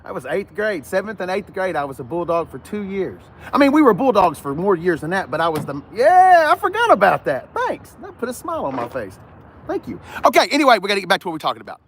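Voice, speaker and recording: Very animated and fast-talking, this Southern US man has a high, fairly bright tone, with slight noise in the background. He's a car vlogger at a lot, rambling jokily and getting sidetracked in a casual vlog.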